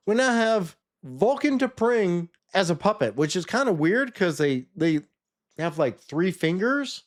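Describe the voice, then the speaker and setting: A man casually recapping a TV episode, sarcastic and animated, sometimes mimicking the characters. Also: high-pitched, measured pace. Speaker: TV episode reviewer.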